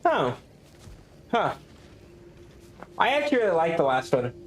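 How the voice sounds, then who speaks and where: A man's voice: a little high, very animated, unhurried. Rambling man streaming a game. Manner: rambling, many restarts and likes. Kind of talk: casual gameplay commentary. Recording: echoey room.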